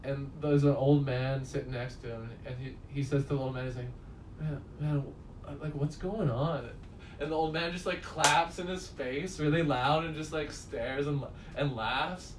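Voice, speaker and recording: A man rambles through a casual movie review at a moderate pace, swearing a lot and laughing at his own stories with barely any pauses. His medium-pitched voice stays steady but sits far from the mic. The room is echoey, with faint background noise.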